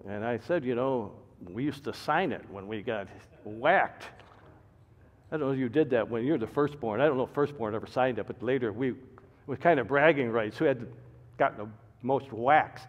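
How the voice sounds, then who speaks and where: An older man, a pastor, preaching a sermon with sudden loud emphatic bursts and soft asides. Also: medium pitch, normal speed. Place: church sanctuary. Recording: dull reverberant church recording.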